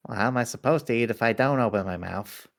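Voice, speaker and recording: A man's voice: mid-range voice, fast, vocal fry, close to an everyday voice. A man playing a stubborn, easygoing adventurer who eats anything and defends it in a casual way. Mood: coaxing.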